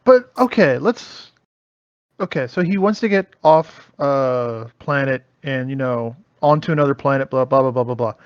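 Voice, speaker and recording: A man's voice: medium pitch, lively intonation, moderate pace, clear, resonant tone, dry recording. A man co-hosting a podcast, talking in a casual, rambling way full of fillers. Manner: rambling, loose, filler-heavy. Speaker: podcast co-host. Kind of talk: casual commentary chat. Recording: dull, dry lo-fi sound.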